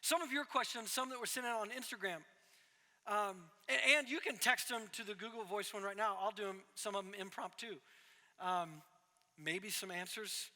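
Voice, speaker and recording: A man's voice: sits high, normal speed, sharp tone, in a large hall. A young adult man preaching a sermon as a pastor, talking conversationally with frequent asides and self-deprecating humor.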